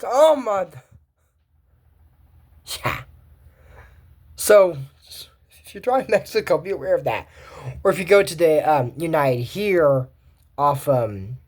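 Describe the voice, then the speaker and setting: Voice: medium pitch, a little mellow, breathy edge. A young adult giving casual, rambling commentary on a cartoon episode, full of asides and restarts.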